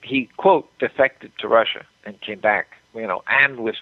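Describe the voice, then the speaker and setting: A man's voice: lowish voice, normal speed, dry recording. An older man telling a story with emphasis as a guest in a radio interview, often repeating words as he goes. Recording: dry tinny phone line.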